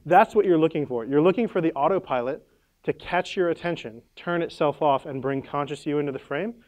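A man's voice: a little high, brisk, a little mellow. A man presenting at a conference workshop, casual and playful, with lots of "like" and "right?" and the odd sound effect.

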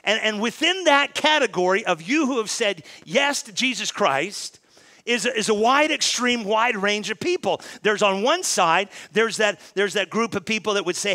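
Male pastor, lively sermon delivery, high bright voice, keeps asking the congregation questions. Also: moderate pace. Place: church sanctuary.

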